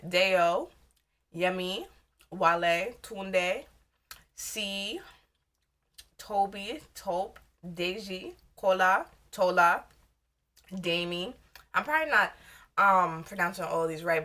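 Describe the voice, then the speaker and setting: Bright, forceful young woman chatting. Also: medium pitch. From United States. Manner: rambling, loose and candid, talking while eating. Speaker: vlogger. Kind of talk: casual mukbang chat.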